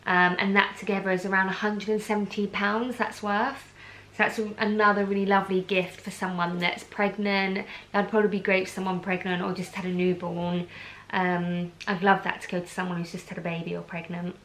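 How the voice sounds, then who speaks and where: A woman's voice: mid-range voice, level tone, brisk, fairly bright tone, a little hiss or hum, poor audio. A pregnant young woman from the UK, hosting a charity giveaway on her vlog, gushing with enthusiasm and filling her talk with "um" and "like". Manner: gushing, enthusiastic, lots of fillers like "um" and "like". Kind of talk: casual chatty vlog.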